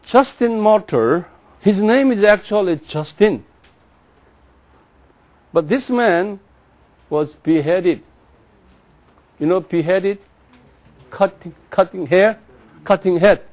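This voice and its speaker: A man lectures to a class in a fairly high voice. He moves slowly and deliberately, drilling pronunciations and asking listeners to repeat after him. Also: a little mellow. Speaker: Bible teacher.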